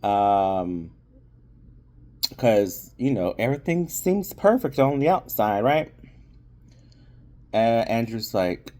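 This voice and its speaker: Slow, rambling man reviewing a movie. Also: lowish voice, big pitch swings, mellow. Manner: rambling, many fillers and restarts. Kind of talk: casual spoken review.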